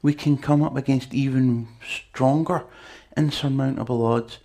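A man's voice: medium pitch, fairly even intonation, measured pace, warm tone. A man preaching a sermon in a chatty, conversational way, with asides to the congregation.

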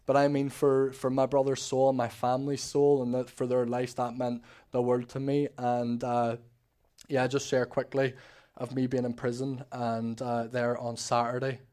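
A man's voice: mid-range voice, level tone, normal speed, dark tone. A man, an ex-prisoner giving an emotional, rambling faith testimony to a church congregation. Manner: rambling, emotional storytelling with restarts.

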